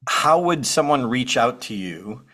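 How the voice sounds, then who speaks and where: A man's voice: mid-range voice, animated, bright, forceful tone. A man hosting a podcast, asking friendly questions and wrapping up the interview. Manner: friendly, brisk wrap-up questions. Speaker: podcast host. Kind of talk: casual interview.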